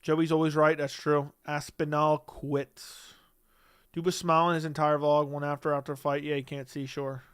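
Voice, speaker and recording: A man's voice: a little high, little pitch movement, normal speed, clean tone, dry recording, clean studio sound. A man hosting a casual livestream, reading chat messages aloud and answering them in a blunt, dismissive way.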